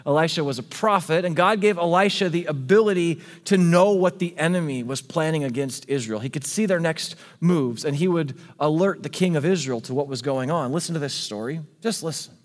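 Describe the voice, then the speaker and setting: A male pastor preaching a sermon, swinging between hushed, intimate passages and emphatic, rising declarations. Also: a little high, fairly quick, hardly any pauses. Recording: long hall reverb with faint music.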